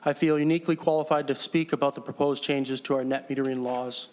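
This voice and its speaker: A man, a company chief executive, giving measured, formal testimony before a legislative committee. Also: medium pitch, fairly even intonation. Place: legislative hearing room.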